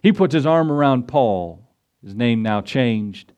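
A man's voice: medium pitch, animated, a little slow, darkish tone. A man preaching a sermon as pastor, retelling scripture in a folksy way and asking his congregation rhetorical questions. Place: church.

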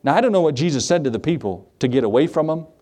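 Animated preacher man, slightly high voice. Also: racing. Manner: conversational asides and rhetorical questions. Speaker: pastor. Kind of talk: sermon.

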